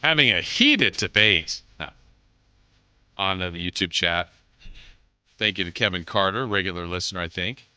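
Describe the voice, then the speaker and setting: A man's voice: sits low, expressive, normal speed, pauses often, bright, forceful tone, clear, resonant tone, no room sound. A man hosting a sports radio show, chatting casually and rambling as he thinks aloud into a studio microphone.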